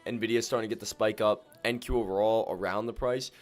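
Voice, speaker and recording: A man streaming his day trading live, slangy and excitable, swinging between calm muttering and loud whoops as he talks to his viewers. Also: lowish voice, a little fast, soft background music. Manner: slangy, keeps addressing viewers as ladies and gentlemen.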